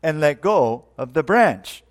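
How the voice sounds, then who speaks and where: A man voicing a calm, measured voice from heaven speaking in short pronouncements. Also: on the high side.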